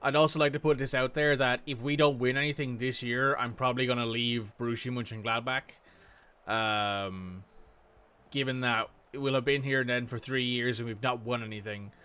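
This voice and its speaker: A man's voice: medium pitch, steady tone, normal speed, bright, forceful tone, clear, resonant tone. A man casually commenting as he plays a football management game, thinking aloud and reacting to the match. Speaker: gaming streamer. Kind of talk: casual let's-play commentary.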